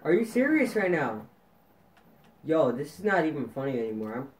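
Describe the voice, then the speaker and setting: A man's voice: fairly high pitch, sing-song, normal speed, low-quality recording. A man giving frustrated gameplay commentary while playing a shooter, ranting and repeating his complaints to viewers. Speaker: gaming video host.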